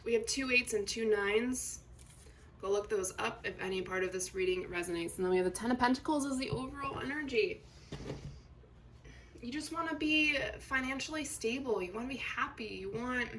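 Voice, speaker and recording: A woman tarot reader gives her viewers a casual reading, chatty and reassuring, using filler words, addressing them directly and often checking in with "okay?". Her voice is a little high and a bit bright. The mic is slightly distant, with faint noise.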